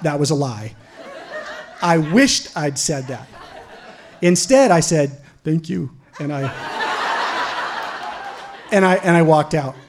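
A middle-aged man telling a personal story live, wry and animated, rising to loud outbursts. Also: fairly high pitch.

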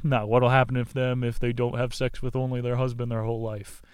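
A man's voice: mid-range voice, smooth, no room sound, clean studio sound. Man chatting irreverently from his car. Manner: irreverent, crude, laughing asides. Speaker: book summary vlogger. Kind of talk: casual chat. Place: inside a car.

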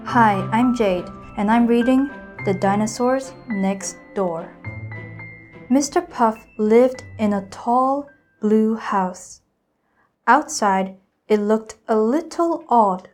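A teenage student girl reading a children's storybook aloud, careful and expressive. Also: a little high, takes it slowly, soft background music. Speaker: student reader.

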